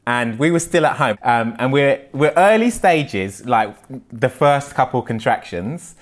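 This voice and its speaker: A man's voice: medium pitch, expressive, a little slow. A man hosting a casual chat, reassuring and laughing as he talks. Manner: chatty, reassuring, laughs while talking.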